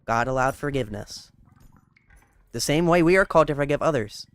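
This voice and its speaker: A man streaming a game while chatting about Christian faith, explaining scripture earnestly and gently cautioning viewers. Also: mid-range voice, expressive, a little fast, dry recording. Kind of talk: casual faith chat while gaming.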